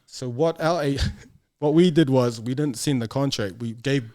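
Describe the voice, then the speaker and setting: A man's voice: medium pitch, moderate pace. A man talks bluntly and swears freely as an interview guest. He tells stories in a casual way and keeps slipping into other people's voices. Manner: blunt and profane, animated with quoted voices. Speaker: guest, former rugby player.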